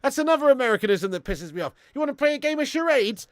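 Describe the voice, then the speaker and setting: A man hosting a live football watch-along stream, chatting with viewers, swearing and getting excitable. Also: high voice, a little fast, no room sound.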